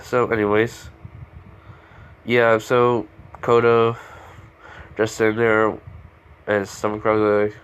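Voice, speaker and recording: A man's voice: lowish voice, completely flat delivery, slow, long pauses, smooth. A man casually improvising a fan story, rambling with lots of fillers and restarts.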